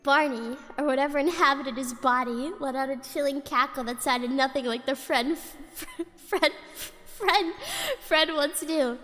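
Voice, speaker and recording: High-voiced woman giggling through spooky reading. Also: a little slow, bright, forceful tone, big-room sound. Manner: giggles often while reading, breaks off to chat. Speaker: streamer reading stories. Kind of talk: casual spooky story reading.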